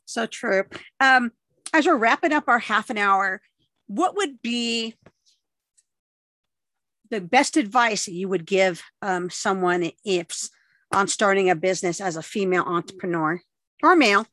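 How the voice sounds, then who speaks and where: A woman's voice: mid-range voice, unhurried, fairly bright tone, no echo. A woman hosting an interview podcast, supportive and agreeing often in casual chat. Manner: supportive, frequent agreeing backchannels. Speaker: podcast host.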